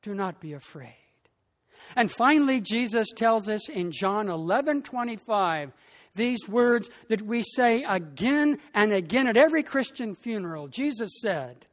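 A pastor preaching a sermon with a slow, deliberate delivery, rising in emphasis on key phrases. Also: mid-range voice, lively intonation, big-room sound.

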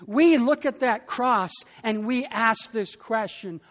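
A pastor preaching a sermon in a slow, emphatic way, with long pauses between phrases. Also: medium pitch, fairly bright tone, in a large hall.

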